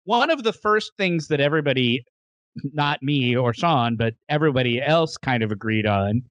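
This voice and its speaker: A man's voice: mid-range voice, expressive, moderate pace, fairly bright tone, dry recording. A man hosting a casual podcast, teasing his co-hosts with dry jokes and mock critiques. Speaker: podcast host.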